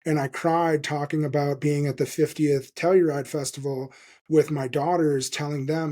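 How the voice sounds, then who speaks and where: Excitable swearing podcast host. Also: male voice, on the high side, normal speed. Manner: enthusiastic, profane, rambling with many fillers. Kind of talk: casual interview chat.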